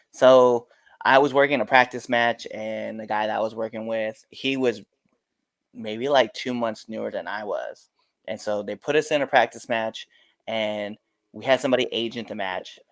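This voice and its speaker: A man's voice: on the low side, dry recording. Man telling wrestling stories, dry sound. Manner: animated storyteller, acts out quotes. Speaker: professional wrestler. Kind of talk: casual interview storytelling.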